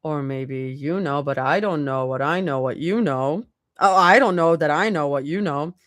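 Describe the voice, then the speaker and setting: Lady playing a smooth teasing young woman, low drawl, dry sound. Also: dry recording, close to an everyday voice. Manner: low, slow, drawling tease.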